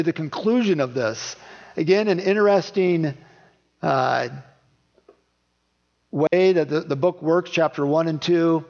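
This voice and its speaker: A man's voice: fairly high pitch, creaky, darkish tone, long reverb tail. A man preaching a sermon as pastor, talking in a conversational way and asking his listeners questions. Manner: conversational, asks the congregation questions. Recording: dull lo-fi recording.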